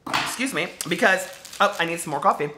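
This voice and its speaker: A woman book vlogger chatting casually to camera in a gushing, excitable way, exclaiming often. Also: medium pitch, brisk, slight background noise.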